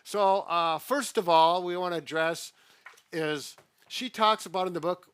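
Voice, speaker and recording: A man's voice: sits high, unhurried, a bit bright, smooth. A man who is a physical therapist co-hosting a casual talk, explaining patiently in plain words with frequent filler sounds.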